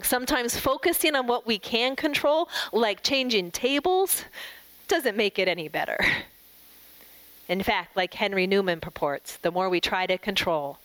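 A middle-aged woman giving a devotional talk, gentle and reflective, telling a family story and closing in prayer. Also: medium pitch, dry recording, low-quality recording. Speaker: devotional speaker.

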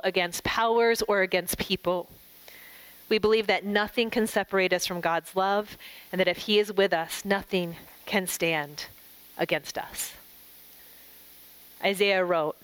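A middle-aged woman giving a devotional talk, gentle and reflective, telling a family story and closing in prayer. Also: medium pitch, a little slow, clean tone, dry recording, low-quality recording. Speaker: devotional speaker.

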